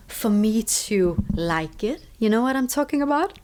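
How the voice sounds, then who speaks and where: A woman's voice: on the high side, lively intonation, a little slow, hardly any pauses, a little mellow. A woman with a Danish accent and Danish as her first language, a guest explaining her ideas on stress in an interview, stressing points by repeating words. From Denmark. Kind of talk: reflective conversational explaining.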